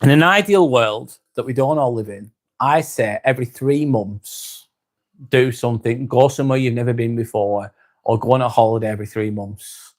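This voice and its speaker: Calm East Lancashire man, live chat. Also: medium pitch. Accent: East Lancashire English. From North West England. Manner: calm, unhurried, winding down, calls people mate. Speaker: live stream host. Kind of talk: relaxed live stream chat reading viewer comments.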